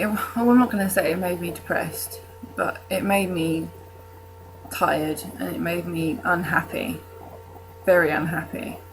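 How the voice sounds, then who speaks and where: A woman's voice: fairly low pitch, a little hiss or hum, low-quality recording. A young woman from the UK talking casually to camera in her vlog, rambling with fillers and restarts and self-mocking jokes. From United Kingdom. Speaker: vlogger.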